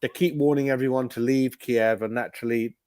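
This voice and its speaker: A man co-hosting a casual football watch-along chat, speaking in a measured way with frequent ums. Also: medium pitch, steady tone, darkish tone, clean tone, dry recording. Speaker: watch-along show co-host. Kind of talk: casual banter.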